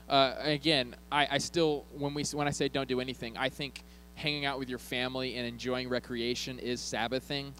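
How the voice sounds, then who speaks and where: A man's voice: a little high, fairly bright tone, slight background noise, poor audio. Joking, conversational male pastor preaching. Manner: conversational, joking, checks in with the congregation. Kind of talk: sermon. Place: church.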